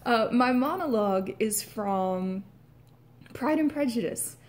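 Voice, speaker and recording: An American woman with a Southern accent, an actor casually explaining accent sounds, hesitant with many filler sounds and some throat clearing. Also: on the high side, expressive, slow pace. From United States.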